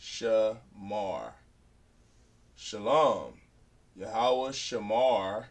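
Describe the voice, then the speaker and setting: A man's voice: lowish voice, animated, extremely slow. A man teaching a beginner language class, sounding out words syllable by syllable and repeating them as he writes on a board. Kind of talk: classroom lesson at a whiteboard.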